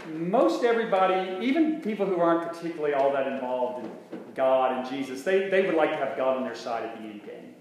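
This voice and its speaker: Preacher in a booming, echoey church. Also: male voice, very animated, brisk. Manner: conversational, many restarts and rhetorical questions. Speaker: minister. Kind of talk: sermon. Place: church sanctuary. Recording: very echoey church room with faint hum.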